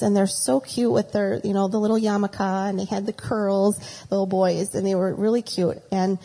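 A woman's voice: mid-range voice, gravelly, warm tone, husky, low-quality recording. A middle-aged woman giving a chatty storytelling talk with a faith reflection, rambling and slipping into acted quotes.

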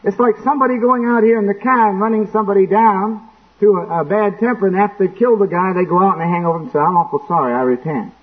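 A man preaching a sermon in church, acting out quotes and breaking into sudden shouts. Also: high-pitched, steady tone, fast talker. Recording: tinny lo-fi phone-like recording.

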